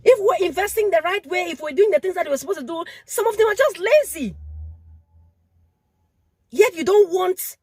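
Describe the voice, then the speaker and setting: A woman's voice: very high voice, lively intonation, normal speed, long pauses, darkish tone, no room sound. A woman makes an impassioned appeal straight to camera. She is emphatic, repeats phrases and stumbles over words, and she is sweating in the heat. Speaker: vlogger.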